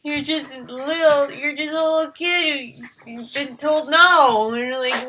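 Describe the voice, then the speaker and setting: A woman rambles casually while she works on a drawing, in a high, bright voice. She talks at an unhurried pace. She turns playfully to her dog now and then. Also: a little hiss or hum. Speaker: digital artist.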